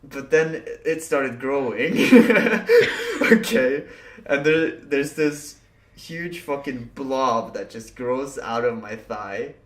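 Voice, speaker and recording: A young man co-hosting a podcast speaks slowly in a mid-range voice, in an echoey room with crowd noise. His casual storytelling is full of laughter and swearing as he acts out his own past reactions.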